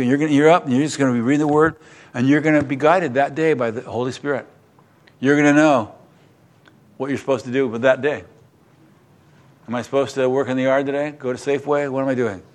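Animated male pastor preaching a sermon. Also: mid-range voice. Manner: animated storytelling, acting out voices, then quiet earnest prayer.

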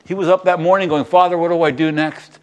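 A male pastor preaching a sermon, telling Bible stories with lively acted-out lines and closing in earnest prayer. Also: fairly high pitch, quick pace, muffled recording. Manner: animated storytelling, acting out voices, then quiet earnest prayer.

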